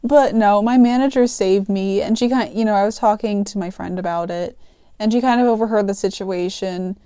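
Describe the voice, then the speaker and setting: A woman's voice: medium pitch, normal speed, warm tone, clean tone, dry recording, studio quality. A teenage girl chatting casually through a storytime vlog, giggling and laughing as she talks. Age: teens. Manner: chatty and giggly, often laughing mid-sentence. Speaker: art channel host telling work stories.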